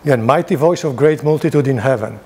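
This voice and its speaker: Speaking fast in a mellow, slightly rough mid-range voice, a male priest runs a Bible study in church. Scripture gets read aloud with a raised delivery, followed by down-to-earth asides and rhetorical questions.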